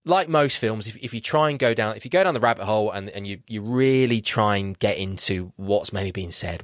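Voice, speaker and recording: A man chats casually about a horror film on a podcast. His pitch swings all over as he acts out his reactions. The sound is close and dry, with no room around it. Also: a bit bright, no echo. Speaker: podcast host. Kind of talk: casual film review chat.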